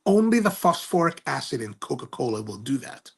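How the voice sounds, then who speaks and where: A man's voice: medium pitch, big pitch swings, fairly quick, vocal fry, husky. A man hosting a cigar livestream, chatting casually, reading viewer comments and rambling through stories with lots of self-corrections. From United States. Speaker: cigar review livestream host.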